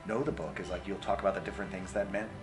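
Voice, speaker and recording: Over background music, a man with a low, fairly even voice speaks very fast. He's a filmmaker discussing his film in an interview, thinking aloud with many restarts and fillers.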